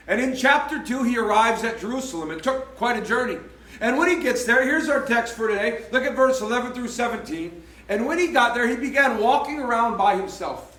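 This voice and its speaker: A male pastor delivers a sermon, retelling the story and slipping into the voices of its characters. His voice sits very high. He is heard from a distance in a roomy, echoing church hall. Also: brisk. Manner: animated storytelling, acting out biblical characters' voices. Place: church sanctuary.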